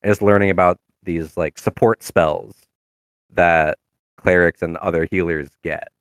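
A man's voice: low-pitched, steady tone, a little slow, clear, resonant tone, dry recording, clean studio sound. A man chatting casually about his game character, rambling with many fillers and restarts. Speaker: tabletop game player. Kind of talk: casual chat.

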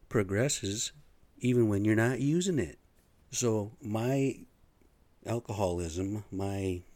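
Deep-voiced, blunt, profane middle-aged man. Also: a little mellow, no room sound. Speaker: vlogger. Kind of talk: rambling profane monologue.

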